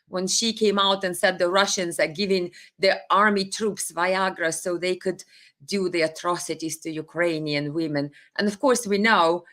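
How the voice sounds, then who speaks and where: A woman's voice: mid-range voice, a bit bright. A woman hosting a live stream, reading viewer comments and giving opinionated, sarcastic commentary with many fillers.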